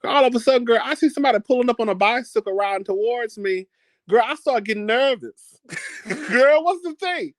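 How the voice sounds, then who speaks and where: A man's voice: very high-pitched, lively intonation, brisk, no echo. Chatty man telling a story, dry sound. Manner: chatty, dramatic, keeps calling listeners "girl". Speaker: vlogger. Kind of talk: casual storytelling to camera.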